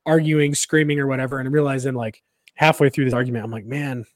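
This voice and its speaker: A man's voice: mid-range voice, steady tone, fast, no room sound. A man co-hosting a podcast, telling rambling stories in casual chat, often restarting and laughing at himself. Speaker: podcast co-host.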